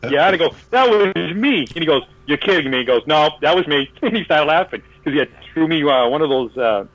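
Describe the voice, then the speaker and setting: A man's voice: on the high side, fast talker, fairly bright tone, no echo, muffled recording. A man telling a long story in casual podcast chat, acting out the voices of the people in it, with many fillers and restarts. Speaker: podcast guest.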